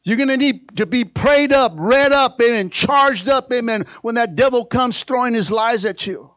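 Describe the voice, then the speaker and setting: A man with a high voice preaches a playful sermon and keeps calling on the church to answer. He acts out little prayers and bits of dialogue, then slips into soft, low asides. The sound is dry and close. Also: moderate pace, no echo. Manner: playful, call-and-response preaching. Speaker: pastor.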